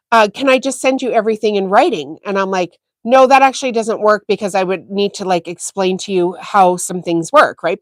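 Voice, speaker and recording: A woman's voice: mid-range voice, no room sound, clean studio sound. A woman hosting a sewing livestream, chatting casually and telling a story full of fillers and acted-out quotes. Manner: animated, acts out quoted dialogue. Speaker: sewing channel host.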